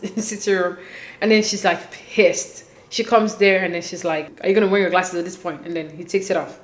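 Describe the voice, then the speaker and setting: A woman hosting a casual, animated recap, talking conversationally and acting out quotes as she goes. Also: mid-range voice, echoey room. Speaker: podcast host recapping a reality show.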